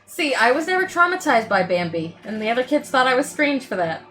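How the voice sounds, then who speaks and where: A woman's voice: high-pitched, big pitch swings, a little fast, a bit bright. Wisecracking woman player. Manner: teasing, wisecracking. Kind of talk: casual banter at a game table.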